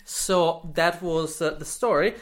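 Italian-accented man, podcast guest, animated storyteller, filler-heavy, wry. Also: fairly high pitch, takes it slowly. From Italy. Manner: animated, many fillers, playful sarcasm. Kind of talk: storytelling in casual interview.

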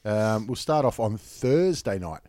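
A man's voice: on the low side, lively intonation, unhurried, mellow, no room sound. Australian guy, podcast host, easygoing banter, dry close sound. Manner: joking, laid-back, swears casually. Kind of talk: casual chat.

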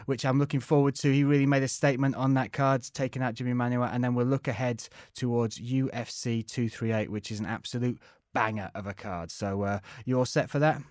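A man's voice: medium pitch, steady tone, a little mellow, dry recording, studio quality. An Irish man in his forties hosting a podcast, chatty and teasing in casual banter. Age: 40s. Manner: teasing, chatty, quick-witted. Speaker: podcast host.

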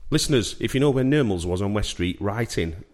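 Yorkshire bloke on a podcast, lowish voice, chatty and jokey. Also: male voice, expressive, brisk, darkish tone. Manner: jokey, rambling storyteller with frequent laughs. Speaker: podcast host. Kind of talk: casual chat.

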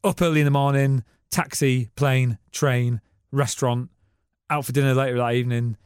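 A man's voice: medium pitch, fairly even intonation, moderate pace, clean tone, no room sound, studio quality. A tired man, co-hosting a casual radio chat and teasing his friend with plenty of laughs. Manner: chatty, laughs often, teasing. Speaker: podcast co-host, newspaper editor. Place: radio studio. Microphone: studio microphone.

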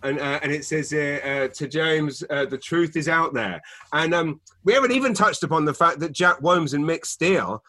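A man co-hosting a podcast, chatting casually and telling animated stories full of fillers and restarts. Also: on the high side, moderate pace, no echo. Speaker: podcast co-host. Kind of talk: casual chat. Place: home in Canada.

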